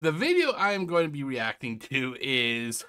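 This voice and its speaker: A man's voice: mid-range voice, sing-song, moderate pace, sharp tone, clear, resonant tone. A man hosting a reaction video from home, chatting casually to his viewers, rambling and swearing offhandedly. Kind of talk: casual chat to camera.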